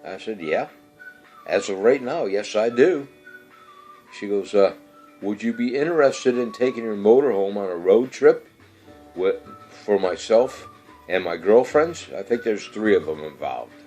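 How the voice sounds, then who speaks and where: A middle-aged man hosting a casual show, low-voiced and rambling, full of "uh"s and restarts. Faint music plays behind him. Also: lively intonation, unhurried, warm tone. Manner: rambling, many fillers and restarts. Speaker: radio-style show host.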